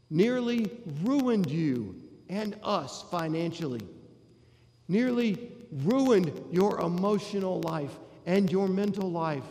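Preacher acting as an aggrieved older son, raised gravelly voice, long reverb. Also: male voice, a little high. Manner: bitter, aggrieved complaining that builds to indignation. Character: resentful dutiful older brother, grown man.

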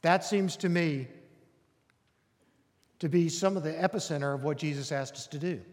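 A man's voice: fairly high pitch, moderate pace, a little mellow. A man, a pastor making an earnest, inviting announcement to his congregation in a church sanctuary. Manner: earnest, inviting, emphatic repetition. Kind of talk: announcement from the pulpit. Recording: long hall reverb.

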